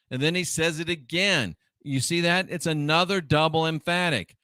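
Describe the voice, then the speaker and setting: A man's voice: a little high, fairly even intonation, normal speed, few pauses, sharp tone, clean tone, no room sound, studio quality. A man hosting a religious commentary show, talking emphatically, repeating phrases for stress and dropping wry asides. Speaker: host.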